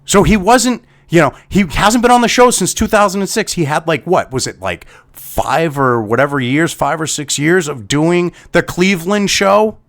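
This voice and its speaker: A man's voice: on the high side, moderate pace, hardly any pauses, fairly bright tone. A man ranting as a commentator, heated and sarcastic, swearing constantly. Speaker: online commentator. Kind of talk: angry profane rant.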